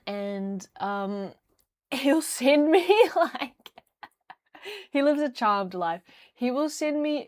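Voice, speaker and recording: A woman's voice: medium pitch, dry recording. A young woman chatting casually on a livestream, rambling with lots of fillers. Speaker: streamer.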